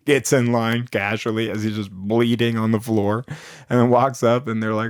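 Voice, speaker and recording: A young man spins an improvised comic story, rambling along with plenty of fillers and chuckling at his own jokes. His voice sits at an ordinary middle pitch. It is recorded close and dry, with no room sound. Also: a little slow, a little mellow, dry recording. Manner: rambling, chuckles between lines, lots of fillers.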